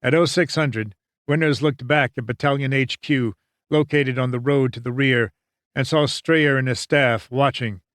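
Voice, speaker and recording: Brief: male audiobook narrator, mid-pitch, measured and dramatic, dry studio sound. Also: a bit bright, no echo. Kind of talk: scripted narration.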